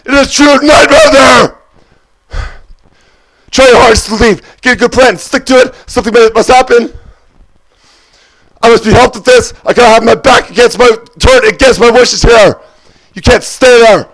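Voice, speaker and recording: A man in an agitated spoken monologue, shouting and wailing as he piles up repeated words and lists. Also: extremely high pitch, moderate pace, long pauses, poor audio.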